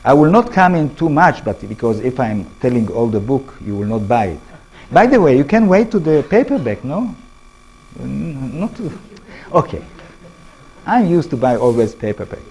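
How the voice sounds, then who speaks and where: An older man with an Israeli accent giving a lecture to an audience, in halting English, often restarting words and asking the listeners questions. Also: mid-range voice, big pitch swings, a little mellow, breathy edge, rough recording. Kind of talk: public talk to an audience.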